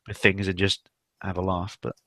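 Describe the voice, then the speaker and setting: A man's voice: deep voice, little pitch movement, moderate pace, bright, forceful tone, dry recording. A man from England hosting a casual online hangout, rambling, laughing often and swearing offhandedly. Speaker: hangout host. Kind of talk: casual chat.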